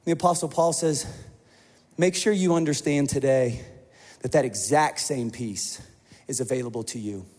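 A man preaching a sermon as pastor, an animated storyteller who acts out the quoted voices. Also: mid-range voice, moderate pace. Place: church hall. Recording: long hall reverb.

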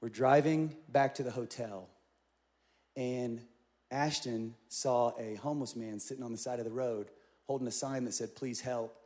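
A middle-aged male pastor preaching a sermon, telling a story with lively acted-out quotes. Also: medium pitch, moderate pace. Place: large church auditorium.

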